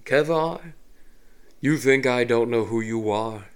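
Guy putting on a smug elf villain voice, slow drawl, all refined and sneery, like a fantasy game baddie. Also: medium pitch, smooth. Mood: sneering.

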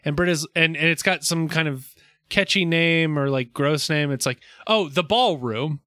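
A man co-hosting a casual show recap, animated and teasing, laughing easily. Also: on the high side, moderate pace, clear, resonant tone, dry recording, clean studio sound. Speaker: podcast co-host. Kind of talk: casual episode recap chat.

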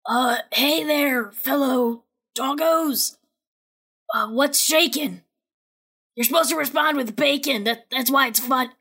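A woman voices an eager little dog begging for treats, high and bright. It rambles with lots of hesitant "uh"s. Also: takes it slowly, slightly rough, heavily acted. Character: eager small dog hunting treats, disguised.

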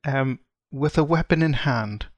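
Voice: mid-range voice, unhurried, dry recording, highs cut off. A player in a tabletop game talking casually, easygoing and thinking aloud.

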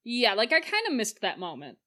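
Woman, casual co-host. Bright, animated, playful retellings. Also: fairly high pitch, brisk. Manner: animated, acts out lines in silly voices, laughs often. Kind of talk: casual film discussion.

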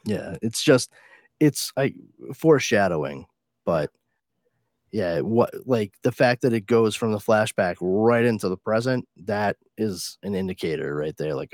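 Low-voiced man chatting about comics. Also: expressive, measured pace, darkish tone, no room sound, studio quality. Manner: casual, swears, reads comic lines in put-on voices. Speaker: podcast co-host. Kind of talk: casual chat about comics.

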